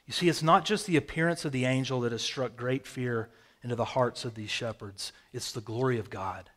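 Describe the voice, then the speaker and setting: A man preaching a sermon, telling vivid stories with sudden swings from loud bursts to quiet, hushed phrases. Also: mid-range voice, brisk. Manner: storytelling, dramatic swings in loudness. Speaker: pastor. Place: rural home with a hayfield.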